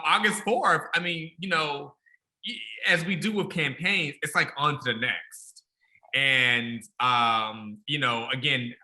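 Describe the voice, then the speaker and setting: Bright-voiced Southern man co-hosting a chat. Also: medium pitch, rough recording. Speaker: podcast co-host. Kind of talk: casual conversation.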